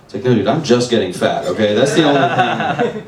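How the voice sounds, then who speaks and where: A man's voice: medium pitch, lively intonation, brisk. A man in his twenties doing a stand-up set at an open mic, crude and self-deprecating in a sardonic way. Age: 20s. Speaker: stand-up comedian. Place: open mic in a bar room with audience. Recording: echoey room, distant mic, crowd laughter. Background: audience laughing.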